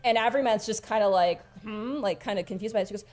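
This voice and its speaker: A woman's voice: mid-range voice, quick pace, hardly any pauses, darkish tone. A woman running a tabletop game as game master, narrating in a loose, casual way with plenty of fillers. She often breaks into giggles between descriptions.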